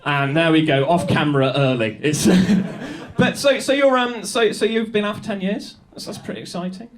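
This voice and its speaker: A young man doing high-energy stand-up comedy in a small club, chatting with the crowd and laughing often. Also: normal speed. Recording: live club recording with audience. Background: audience laughing and applauding.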